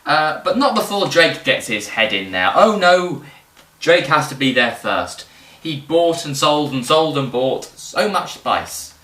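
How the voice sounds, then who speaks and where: A man presenting history in casual educational storytelling, animated and rambling, with fillers and jokes. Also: fairly high pitch, measured pace. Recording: roomy, distant mic.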